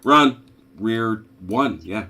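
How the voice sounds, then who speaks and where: Low-voiced man calling out dice rolls. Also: very slow, pushed and bright, husky. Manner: calls dice rolls and results aloud. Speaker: game referee. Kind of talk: casual tabletop game chat.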